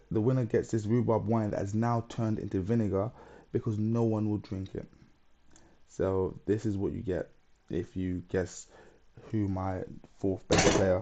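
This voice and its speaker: A man's voice: on the low side, gravelly, warm tone, highs cut off, slight background noise. A man hosting a live stream, chatting casually and reading out viewer comments in a rambling way.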